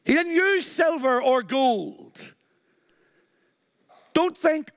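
A man's voice: extremely high pitch, lively intonation, drawn-out words, a bit bright. A man preaching a sermon with emphatic, repeated phrases and a short story woven in. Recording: long hall reverb.

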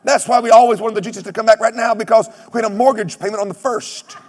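A man preaching a sermon, telling stories with humor, mimicking other preachers and breaking into shouted exclamations. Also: high-pitched, fast, in a large hall. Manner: animated storytelling with shouted exclamations.

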